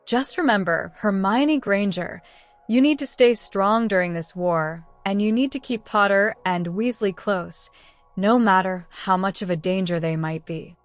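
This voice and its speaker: Woman reading tender young wizard, audiobook letter, plain middle pitch, faint music under it. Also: unhurried, dry recording, lightly acted. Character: young man, tender devoted wizard lover. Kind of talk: audiobook narration.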